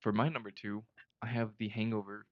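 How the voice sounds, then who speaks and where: A man's voice: on the low side, level tone, fairly quick, no echo, lo-fi sound. A young man in his twenties co-hosting a casual podcast with his father, easygoing and agreeable, laughing readily. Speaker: podcast co-host, son. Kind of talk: casual chat.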